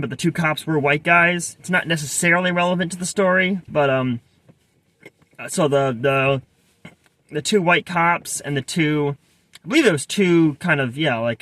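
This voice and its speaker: A man tells a personal story in a loose, rambling way, restarting and adding asides. His voice is bright and sits a little high. The delivery stays casual and conversational. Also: no room sound. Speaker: vlogger.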